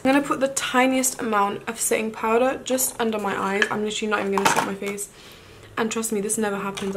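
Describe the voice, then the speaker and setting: A young woman, chatting to camera through a makeup tutorial. She gushes excitedly, often gasping and breaking into breathy exclamations. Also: fairly high pitch, slight background noise, low-quality recording. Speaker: beauty vlogger.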